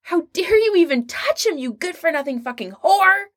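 A woman reading aloud, voicing a volatile young man who shouts and hisses in jealous anger. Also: mid-range voice, animated, a little slow, breathy edge. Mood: furious.

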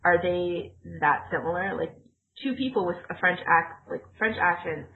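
A woman's voice: fairly low pitch, moderate pace, slight background noise. A woman co-hosting a casual chat, explaining points in a teacherly, rambling way with fillers. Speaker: podcast co-host, former ESL teacher. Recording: tinny phone-like line.

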